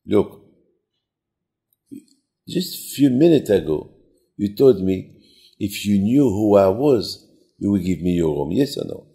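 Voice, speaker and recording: A man voicing a humble older sage rabbi who answers his host quietly and patiently. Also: on the low side, expressive, a little slow, long pauses, pitched below the performer's own voice. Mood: teaching.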